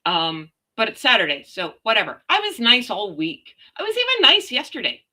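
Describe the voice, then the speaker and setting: Canadian lady chatting on a live stream from home, bright voice, laughs a lot. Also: a little high, wildly swooping pitch, normal speed. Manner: chatty, laughing, talks to viewers and her dogs. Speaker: livestream host. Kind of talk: casual live chat.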